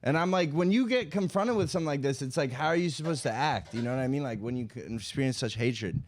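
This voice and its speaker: A man's voice: medium pitch, animated, quick pace, a little hiss or hum. A young man co-hosting a podcast, telling a comedy story in a rambling, amused way and cutting himself off mid-sentence. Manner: rambling, amused, self-interrupting. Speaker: podcast co-host.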